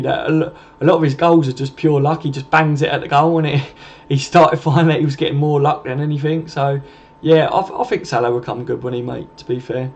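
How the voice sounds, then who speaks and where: A man's voice: on the high side, darkish tone. A man with a southern English accent hosting a casual live stream, rambling in a matey way as he answers viewers' comments. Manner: rambling and matey, keeps adding "and that" and "mate". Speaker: live-stream channel host.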